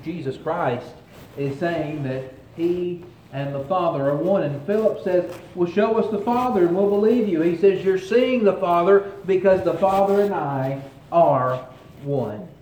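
A man preaching a sermon to his congregation, earnest and emphatic, with dramatic pauses. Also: high voice, a little mellow. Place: church sanctuary. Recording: roomy church with faint ambience.

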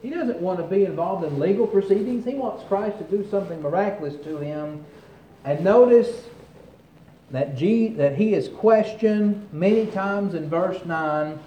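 A man's voice: high voice, a little slow, dark tone, reverberant, a little hiss or hum, low-quality recording. A man preaching a sermon, reading scripture aloud with rising force and then commenting on it in a conversational way.

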